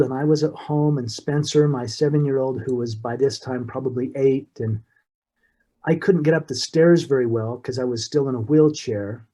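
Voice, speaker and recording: A middle-aged man, a guest in an interview, telling a personal story in an earnest, emotional way with halting restarts. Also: on the high side, warm tone.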